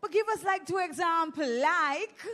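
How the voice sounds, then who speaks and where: A woman's voice: extremely high pitch, a little slow, sharp tone. A woman with a Jamaican accent hosting an audience giveaway on a handheld mic in an event hall, playful and teasing. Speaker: event host. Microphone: handheld microphone.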